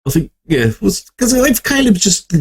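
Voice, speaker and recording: A man's voice: high voice, very animated, moderate pace, a little hiss or hum. A young man hosting a reaction video, rambling and correcting himself as he thinks aloud. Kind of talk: casual reaction commentary.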